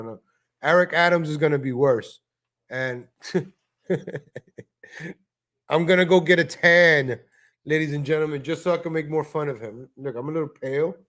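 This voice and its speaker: High-voiced ranting New man. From New York. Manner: heated, mocking, profane rant. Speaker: live stream host. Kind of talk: live stream commentary over a video.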